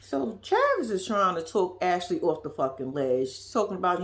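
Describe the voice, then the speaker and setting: A woman giving a profane, animated recap of a reality show, acting out quotes in a blunt, sassy way. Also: on the low side, normal speed, few pauses.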